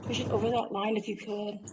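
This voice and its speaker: A woman in her thirties on a ghost hunt, pleading and coaxing an unseen spirit, excitable and quick to gasp. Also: medium pitch. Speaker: paranormal investigator. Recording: noisy field recording.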